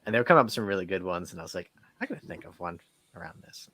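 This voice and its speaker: A man with a fairly low voice, co-hosting a casual podcast. He trades dad jokes and teases himself bashfully between punchlines. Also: animated, very fast, sharp tone, a little hiss or hum. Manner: bashful, self-deprecating banter. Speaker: podcast co-host.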